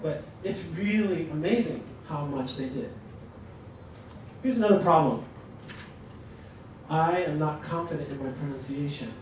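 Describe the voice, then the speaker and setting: A man presents a teaching workshop with lively, joking energy. His voice sits fairly high and carries through a very echoey hall. He is picked up from a distance with clear background noise. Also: measured pace, pauses often. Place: lecture room.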